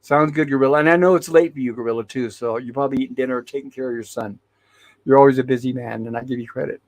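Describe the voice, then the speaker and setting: A man's voice: medium pitch, fairly even intonation, very fast. A man hosting a casual livestream who reads viewer chat messages aloud and greets each viewer by name, often restarting and correcting himself. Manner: hesitant, with frequent restarts and self-corrections. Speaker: livestream host.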